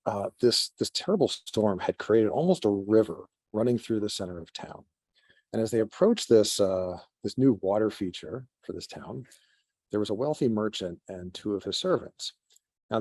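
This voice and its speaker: A man's voice: fairly low pitch, a little mellow, husky, no room sound. A man giving an online conference presentation, telling a story in a conversational way over a video call. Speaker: conference speaker.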